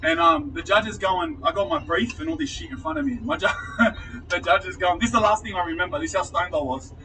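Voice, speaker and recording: A man's voice: high-pitched, lively intonation, fast, recorded from a distance, background noise. Slangy Australian man telling a story. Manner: rambling, slangy, swearing, laughs at himself. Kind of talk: casual storytelling.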